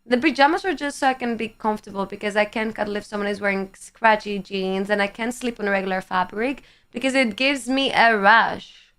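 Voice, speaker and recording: A woman's voice: mid-range voice, a little fast, fairly bright tone, clean tone. A woman in her twenties, a livestreamer chatting casually with her viewers and reading out their comments in a playful, teasing way, swearing freely.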